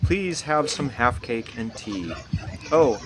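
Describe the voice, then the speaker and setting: A man voicing a quaint, nervous gnome woman in a tabletop game, speaking softly. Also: mid-range voice, expressive, slow. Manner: soft, nervous. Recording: noisy online voice chat.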